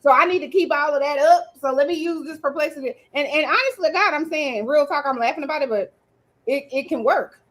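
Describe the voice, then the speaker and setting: A woman's voice: high-pitched, a bit bright. A woman in a casual podcast chat, chatty, acting out little snatches of voices. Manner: chatty, quick to act out voices.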